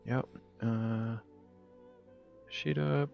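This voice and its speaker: A man's voice: mid-range voice, steady tone, extremely slow, creaky, highs cut off, faint music behind. A man playing a tabletop game, asking rambling and tentative questions. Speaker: player. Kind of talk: casual tabletop play.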